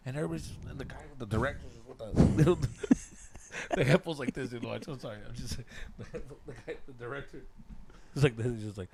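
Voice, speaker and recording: A man's voice: fairly high pitch, quick pace. A man telling a story on a podcast, swearing freely and dropping Spanish slang. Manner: profane, animated, slips into Spanish slang. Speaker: podcast host. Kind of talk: casual storytelling chat.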